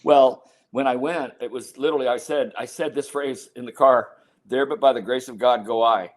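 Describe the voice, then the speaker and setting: A man in his sixties, a podcast guest telling personal stories in an interview and acting out the quoted lines with lively energy. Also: mid-range voice, normal speed. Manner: animated storyteller acting out quotes. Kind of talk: storytelling interview.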